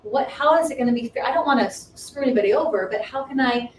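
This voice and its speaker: A woman's voice: a little high, quick pace. A woman co-hosting a ministry livestream, earnestly telling a personal faith story with many restarts. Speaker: ministry co-host. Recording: roomy distant livestream audio, faint noise.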